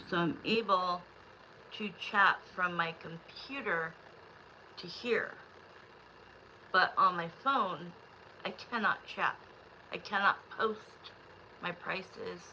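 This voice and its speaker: Bright-voiced woman, frustrated and close to tears. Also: lowish voice, takes it slowly, a little hiss or hum, poor audio. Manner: rambling, talks straight to the chat. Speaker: tarot reader hosting a live stream. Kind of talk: casual live-stream chat with viewers.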